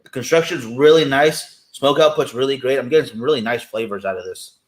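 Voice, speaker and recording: A man's voice: medium pitch, animated, brisk, a bit bright, rough recording. Easygoing enthusiastic male co-host. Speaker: podcast co-host. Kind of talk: casual podcast chat.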